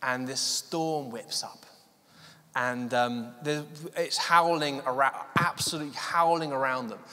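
A male preacher giving a sermon, telling a story with many fillers and slowing down to stress his key points. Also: medium pitch, pushed and bright, in a large hall. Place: church hall.

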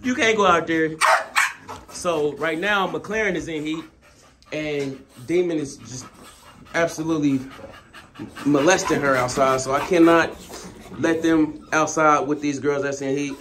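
Laid-back man breeder chatting to camera, a bit high-voiced, dogs and faint noise in the background. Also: fairly even intonation, a little slow, fairly bright tone. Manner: laid-back, talks to dogs mid-sentence; addresses viewers as y'all. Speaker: dog breeder. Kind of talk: casual vlog.

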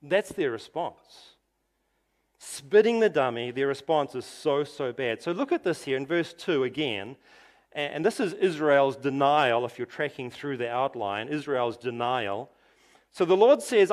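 A man preaching a sermon, emphatic and full of rhetorical questions, sometimes dropping to a soft, quiet tone. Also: mid-range voice. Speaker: pastor.

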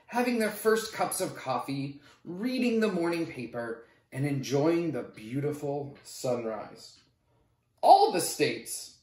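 Animated man reading a picture book aloud. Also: a little high. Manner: animated storytelling. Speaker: storybook reader. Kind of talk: children's read-aloud. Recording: roomy echo.

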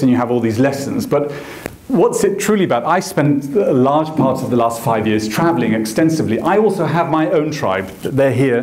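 A male photographer giving an anecdotal lecture, telling stories with animated acted quotes. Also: medium pitch, roomy sound. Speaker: photographer and guest speaker. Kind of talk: storytelling lecture. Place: lecture hall.

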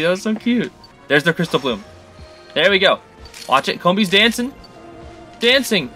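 Lively, excitable young gamer guy. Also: high-pitched, moderate pace, pauses often, soft background music. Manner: excitable, talks to the creatures on screen. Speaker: gaming channel host. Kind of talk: let's-play commentary.

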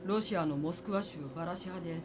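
An actress voicing a serious young woman in a Japanese game, telling a story calmly and gravely. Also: fairly low pitch, very fast, slight background noise, close to an everyday voice. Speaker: game character.

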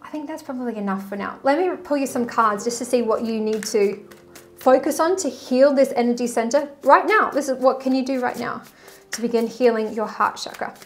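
A woman's voice: a little high, fairly quick, soft background music. A woman spiritual coach talking casually and effusively to her viewers, pulling cards and chatting about energy healing. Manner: animated and effusive, breaks into song.

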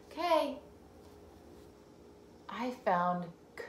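A woman teaching phonics to a young child, unhurried and encouraging, stretching out each word and saying it twice. Her voice sits in a middle register and rings a little in an echoey room, with a faint hum behind her. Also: mid-range voice, expressive, gravelly. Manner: encouraging, sounds out words slowly and repeats them. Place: home room.

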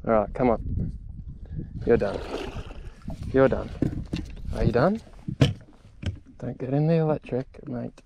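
A young man, a fishing vlogger, talking excitedly to camera and to the fish outdoors on the water, swearing as he goes. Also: medium pitch, slow pace, creaky, pauses often, noisy background. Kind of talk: excited solo fishing commentary.

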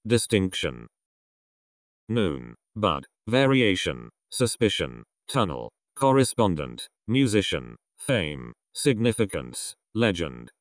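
A man slowly reading an English vocabulary list aloud, one word at a time with pauses. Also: deep voice, dry recording, clean studio sound. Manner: slow, measured reading of single words with pauses.

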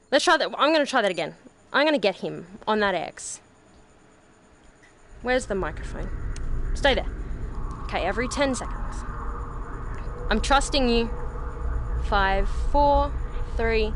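A woman's voice: medium pitch, a little hiss or hum. A young woman streaming a VR horror game at home, jumpy and prone to yelps while she counts aloud. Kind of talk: live-streamed VR horror gameplay commentary. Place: home room.

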